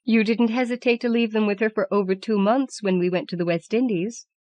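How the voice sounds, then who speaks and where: A woman's voice: medium pitch, steady tone, brisk, darkish tone, no room sound, voice pushed up, lightly acted. A woman reading the lines of a weary, evasive middle-aged husband in an audiobook, hesitant and pleading. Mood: reluctant.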